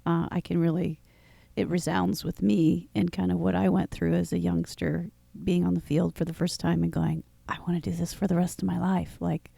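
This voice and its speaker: A woman's voice: lowish voice, level tone, normal speed, gravelly, mellow, breathy edge, no echo. A woman hosting a podcast interview, closing with thankful remarks to her guests. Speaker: podcast host. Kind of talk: casual interview chat.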